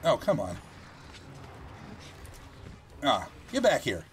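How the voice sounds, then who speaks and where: A man giving casual gameplay commentary, chatty and thinking aloud as he plays, with animated reactions. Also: mid-range voice, slow pace, a little hiss or hum.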